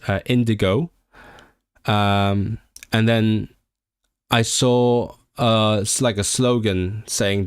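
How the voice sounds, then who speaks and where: A man in his late twenties from Hong Kong, hosting a livestream and chatting casually and excitably with viewers, often restarting his sentences. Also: fairly low pitch, dry recording, studio quality. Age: late 20s. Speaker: livestream host. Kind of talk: casual chat with stream viewers.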